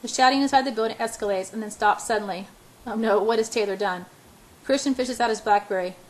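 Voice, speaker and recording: A woman's voice: a little high, fast talker, poor audio. A woman reading a first-person romance novel aloud as an audiobook. Her reading is unpolished, with frequent stumbles where she trips over a word and starts it again. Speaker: audiobook reader.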